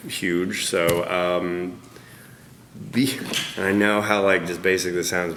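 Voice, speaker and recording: A man being interviewed as a voice actor at a press roundtable, talking in an animated, self-deprecating way with frequent laughter. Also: deep voice, noisy background. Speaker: voice actor guest. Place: convention press room.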